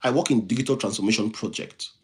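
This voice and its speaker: A motivational speaker with a non-native English accent hosts a livestream, preaching in repeated phrases, reading viewer comments, and thanking viewers by name. He talks fast in a fairly low, darkish voice.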